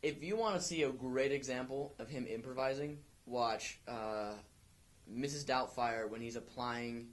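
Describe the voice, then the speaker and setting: A young man co-hosting an amateur podcast speaks at medium pitch and a measured pace, with a little hiss or hum in the audio. His casual chat rambles, full of restarts and fillers.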